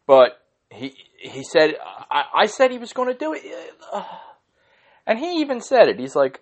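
A young man hosting his own podcast, ranting casually in an excitable, profane, rambling way. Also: sits high, moderate pace. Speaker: podcast host. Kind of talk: casual solo podcast rant.

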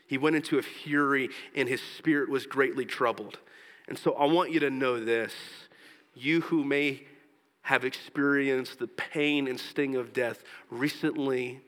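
Male pastor, mid-pitched, earnest sermon delivery, long hall echo. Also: fairly bright tone. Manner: earnest, rises in pitch and force when exhorting; slows down for scripture and tender points.

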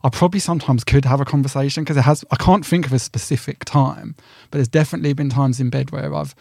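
A man's voice: mid-range voice, steady tone, fast, vocal fry, a little mellow, dry recording, clean studio sound. A young man co-hosting a podcast in casual, rambling chat, easily sidetracked. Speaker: podcast co-host.

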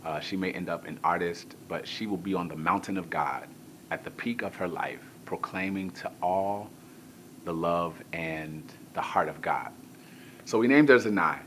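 Bright-voiced man preaching a comic story. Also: low voice, slight background noise. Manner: animated, swings from hushed to shouting; comic, colloquial asides to the crowd. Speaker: pastor. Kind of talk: storytelling sermon.

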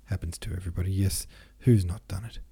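A man's voice: sits low, fairly even intonation, fast, warm tone, husky. A man reading an audiobook, voicing a flustered old nobleman father. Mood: muttering.

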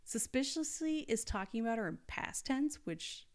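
A woman's voice: fairly high pitch, sing-song, normal speed. Young woman, podcast host, casual true-crime storytelling, sarcastic. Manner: storytelling, sarcastic asides, quotes people in mock voices.

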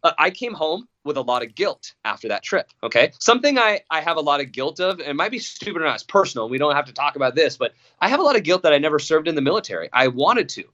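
A man's voice: fairly high pitch, big pitch swings, quick pace, hardly any pauses, fairly bright tone. A young man telling a personal story in casual podcast talk, swearing often and restarting sentences, with a slightly dull sound. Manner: profane, emphatic, many restarts and repetitions.

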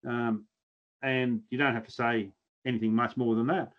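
A man's voice: mid-range voice, little pitch movement, moderate pace, lo-fi sound. An Australian man chatting as a podcast guest, telling blunt, earthy stories with mild swearing. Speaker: podcast guest, pig hunter. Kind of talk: casual podcast chat.

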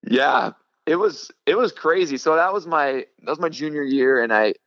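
A young man recounts his past in a casual interview. He talks haltingly, full of "um"s and restarts, and laughs now and then. The audio is dry and a little muffled. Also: fairly high pitch, a bit bright, no echo. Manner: halting, many fillers and restarts, laughs often. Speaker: middle school ministry director, guest.

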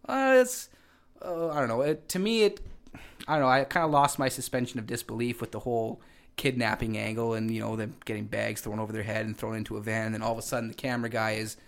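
A man's voice: on the low side, fast talker, creaky. Rambling male wrestling show co-host. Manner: rambling with frequent fillers and restarts. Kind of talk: casual wrestling radio chat.

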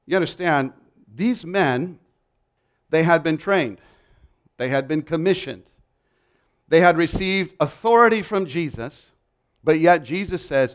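A man's voice: a little high, expressive, normal speed. A man preaching a sermon, emphatic and building his points through repeated lists.

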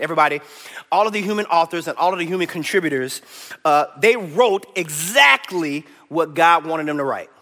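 An echoey church hall carries the high-sitting, bright, forceful voice of a man teaching a Bible class. With eager enthusiasm, he coaxes those gathered to call out their answers.

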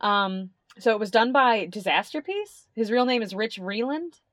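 A woman's voice: a little high, lively intonation, moderate pace, a bit bright, dry recording. A young adult woman co-hosting a podcast in casual chat, rambling, swearing and laughing often. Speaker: podcast co-host.

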